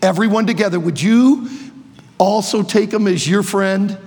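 Sixties male preacher, high husky voice, playful and shouty, long hall reverb. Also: normal speed. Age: 60s. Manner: playful, joking, bursts into shouts. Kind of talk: energetic youth sermon.

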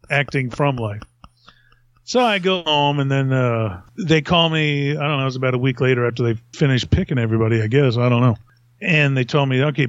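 On his podcast, a man with a medium-pitched voice tells a long, rambling story in a casual way, frequently chuckling. The audio has no room sound and a dull, lo-fi character.

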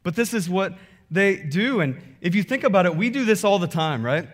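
A man preaching a sermon, conversational and animated, reading scripture and acting out churchgoers. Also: high voice, normal speed. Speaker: pastor.

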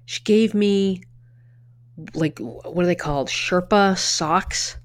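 A middle-aged woman with a fairly low voice talks in a loose, chatty way. She keeps restarting her sentences and drops in the occasional curse. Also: takes it slowly. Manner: chatty storyteller with frequent restarts and swearing. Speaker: podcast co-host. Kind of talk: casual chat.

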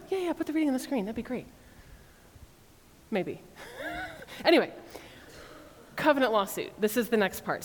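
Woman preacher, chatty, humorous, informal sermon, reverberant church hall. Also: mid-range voice. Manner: chatty, humorous, asides with laughter.

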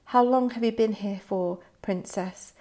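A woman recites a poem as a dramatic monologue. Her reading is measured and intense, at a pitch typical for a woman, and she shapes each line with care. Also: warm tone. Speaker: poet reading her work. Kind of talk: poetry reading.

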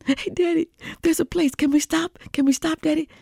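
A woman's voice: very high voice, steady tone, a little fast, vocal fry, warm tone, dry recording, studio quality, pitched above the performer's own voice. A woman storyteller voicing a hungry little boy who keeps begging his father to stop. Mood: pleading. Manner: whiny, begging. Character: hungry, pleading young boy.

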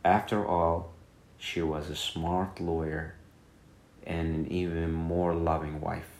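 A man narrating a bedtime story for his podcast in a calm, soothing storytelling manner. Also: deep voice, slow, over music.

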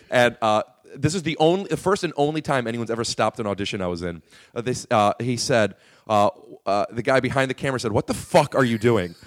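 A man guesting on a podcast, telling rambling, profane stories with lots of fillers. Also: mid-range voice. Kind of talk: casual storytelling.

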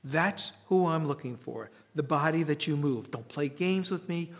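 A man's voice: a little high, measured pace. A man voicing a grieving, indignant woman who pleads and demands answers in a raised voice. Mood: demanding. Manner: exasperated, pleading questions.

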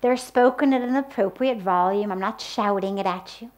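A woman giving a spiritual talk on the power of sound, speaking deliberately and using everyday examples. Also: mid-range voice, a little mellow. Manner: slow, deliberate, with spoken examples. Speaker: spiritual teacher. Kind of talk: spoken talk on mantras.

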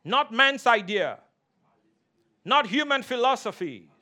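A pastor preaching with a high, bright, forceful voice. He drives his points home by repeating key lines and slowing down on them. He calls out for the congregation to answer him. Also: very animated. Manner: emphatic preaching with call-and-response; repeats key phrases, slows for emphasis. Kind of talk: sermon.

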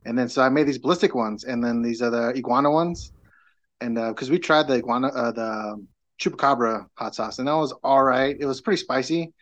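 Middle-aged guy on a podcast, casual rambly storytelling, lots of ums and uhs, mid-pitched voice. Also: fairly quick. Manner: rambling storyteller, many fillers and restarts. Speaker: podcast guest. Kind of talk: casual chat.

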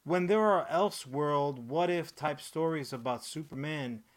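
A man co-hosting a podcast, rambling and swearing freely, cracking jokes in quick bursts. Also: fairly high pitch. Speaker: podcast co-host. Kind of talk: casual podcast chat.

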